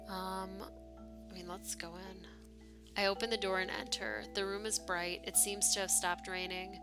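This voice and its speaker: A woman's voice: on the low side, flat delivery, moderate pace, over music. A woman streamer reading a story game aloud, slipping into casual asides with fillers.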